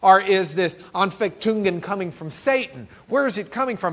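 A man with a Texan accent, from Lubbock, teaching a church class in a conversational sermon style, swinging between loud questions and quiet musing. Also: high voice, animated, moderate pace, few pauses. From Lubbock, Texas.

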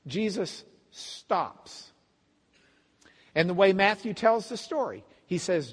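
A man teaching a Bible class as a pastor, telling the story with lively acted-out voices. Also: high-pitched, slow, in a large hall. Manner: animated storytelling, acts out voices of the crowd and blind men. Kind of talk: sermon.

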